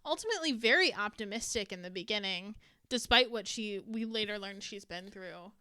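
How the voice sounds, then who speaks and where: A woman co-hosting a podcast, chatting casually and in an animated way, recounting scenes with asides. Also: mid-range voice, a little fast, clean tone, dry recording, clean studio sound. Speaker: podcast co-host. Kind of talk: casual movie chat.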